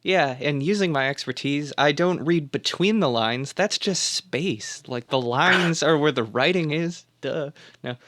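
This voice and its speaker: A man's voice: on the high side, unhurried, hardly any pauses, a bit bright. A man hosting a podcast, casually recapping a film plot in a rambling, laid-back way with plenty of fillers. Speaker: podcast host.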